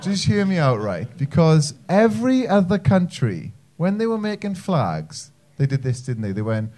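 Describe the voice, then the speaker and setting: A man's voice: a little high, sing-song, moderate pace, hardly any pauses, dark tone. A young man from Wales with a North Welsh accent doing a stand-up set in a comedy club, bantering cheekily with the audience and mocking himself. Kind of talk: stand-up set with crowd work.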